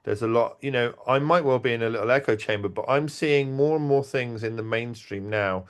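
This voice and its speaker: A man telling stories in casual talk, animated, acting out quotes and restarting his sentences. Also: medium pitch, a little fast, clear, resonant tone. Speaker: event organizer and podcast guest. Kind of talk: casual conversational storytelling.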